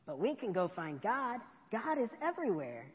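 A woman reading aloud, voicing a gentle, patient mother bear who explains things in a soft, reassuring way. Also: medium pitch, very animated, moderate pace, pitched above the performer's own voice, lightly acted. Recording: dull echoey church hall.

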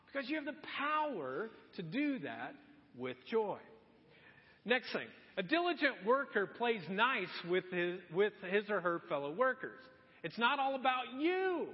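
A man preaching a sermon as pastor, talking to the congregation in a lively, conversational way and acting out quotes. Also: high-pitched. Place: church sanctuary. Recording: muffled sound with long hall reverb.

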